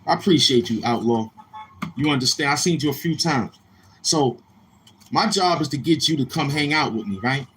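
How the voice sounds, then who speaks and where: A male livestream host talks loose and streetwise. His voice sits at a middle pitch and sounds a little tired. Faint outdoor noise runs under his voice. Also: moderate pace. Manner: loose, streetwise, goes from laid-back to loud and animated. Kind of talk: casual livestream talk. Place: outdoors near a street, car noise heard.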